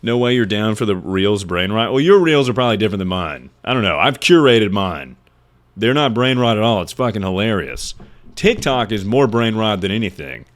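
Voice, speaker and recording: A man's voice: lowish voice, expressive, normal speed. A man streamer chatting casually to his viewers, rambling and swearing freely as he reacts to confessions. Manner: loose, rambling and profane. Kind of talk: casual livestream chat.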